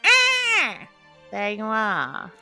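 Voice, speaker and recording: A woman's voice: fairly high pitch, huge pitch swings, extremely slow, sharp tone, voice pushed down, exaggerated voice. A woman voicing a theatrical, boastful male cat burglar who is half cat, with faint music behind. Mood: smug.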